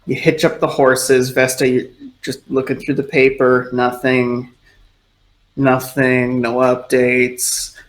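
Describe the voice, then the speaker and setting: A man at mid pitch narrating a tabletop role-playing game as its game master. He talks in loose, rambling stretches full of fillers like "sort of" and "like". His delivery is casual and conversational. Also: little pitch movement, unhurried, poor audio.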